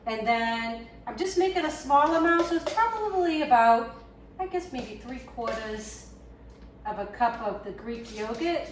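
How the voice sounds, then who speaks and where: A woman's voice: fairly high pitch, expressive, measured pace. A woman with a Boston accent, a home cook chatting casually through a cooking demonstration in her kitchen, with self-deprecating asides. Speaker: home cook, channel host. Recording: echoey kitchen with faint background noise.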